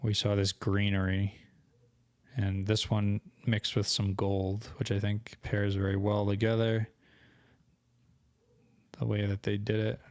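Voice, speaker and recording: A young man walking through a screen-share tutorial, thinking aloud casually and correcting himself as he goes, his voice going hoarse. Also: on the low side, completely flat delivery, measured pace, long pauses, darkish tone, no echo. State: losing his voice. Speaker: co-host of an online selling channel.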